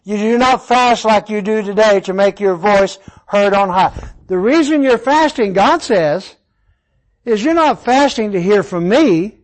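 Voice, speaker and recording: A man with a fairly high voice leads an informal Bible class. He talks in a relaxed, conversational way and walks through the verses one at a time. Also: measured pace, poor audio. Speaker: Bible study teacher.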